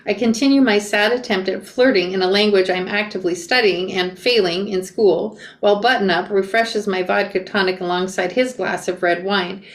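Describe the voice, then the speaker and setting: Woman reading aloud in a roomy space. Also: medium pitch. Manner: reads narration plainly, breaks off for quick asides and self-corrections. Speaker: reader reacting to a memoir. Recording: roomy echo.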